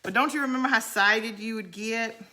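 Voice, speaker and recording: In a voice on the high side and at a fairly quick pace, a middle-aged crafting channel host chats while she works. She rambles, laughs often, and lowers her voice to count quietly under her breath.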